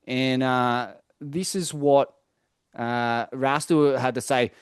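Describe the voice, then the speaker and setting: A young Australian man co-hosts a casual podcast, telling loose stories full of swearing and fillers. His mid-range voice moves at a slow pace, with a clean, studio-quality tone and no room sound.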